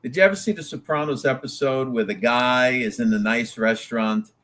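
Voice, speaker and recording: A man's voice: mid-range voice, a little fast. A man co-hosting a casual chat, telling stories and teasing his partner. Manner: animated storyteller, teasing. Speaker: co-host.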